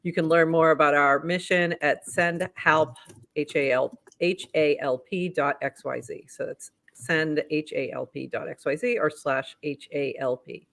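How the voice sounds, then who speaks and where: An upbeat podcast co-host with a Boston accent, chatting and reading posts aloud in a bright, forward tone. The pitch sits mid-range, and the talk is loose and friendly, with easy laughter. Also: fairly even intonation, a little slow, gravelly.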